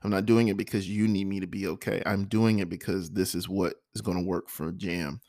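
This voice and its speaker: A man with a low, gravelly voice talks through his own thoughts in an earnest, self-reflective monologue. He circles back and repeats himself for emphasis, and a frog in his throat keeps catching his words. The sound is close and dry, with no room around it. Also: fairly even intonation, brisk, a little mellow, no room sound. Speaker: vlogger.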